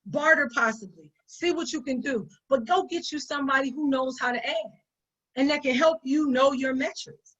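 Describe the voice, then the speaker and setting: A woman's voice: high-pitched, moderate pace, a bit bright. A woman business owner giving conversational business advice in an emphatic way, often repeating her points for stress. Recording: dull lo-fi sound.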